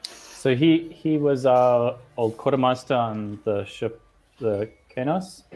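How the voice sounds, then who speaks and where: A man playing a tabletop game, recapping in a rambling, relaxed way with fillers. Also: mid-range voice, slow. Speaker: player. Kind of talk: casual tabletop game chat.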